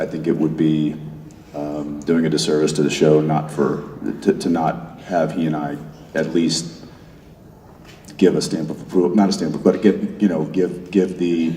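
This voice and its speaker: A man's voice: extremely low pitch, mellow, a little hiss or hum. A man speaking as a panel guest in a large hall, rambling with many restarts. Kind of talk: convention panel talk. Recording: echoey hall from far off.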